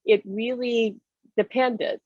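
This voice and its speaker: A woman's voice: fairly high pitch, steady tone, slow, darkish tone, no echo. Earnest woman telling a personal story. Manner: earnest, with frequent restarts. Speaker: interview guest. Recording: dull, lo-fi sound.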